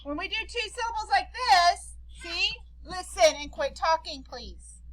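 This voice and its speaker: A woman teacher with a very high, bright voice walks her class through a phonics drill. She talks slowly and deliberately, giving short prompts one at a time, in a classroom. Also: animated, low-quality recording. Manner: slow, deliberate, instructive.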